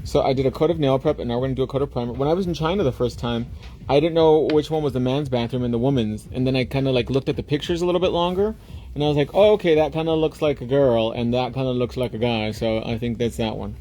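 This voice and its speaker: A man's voice: medium pitch, warm tone, slight background noise. A man hosting a casual livestream, chatting and joking while doing nails. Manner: chatty, jokey, drawn-out asides. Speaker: nail artist and livestream host.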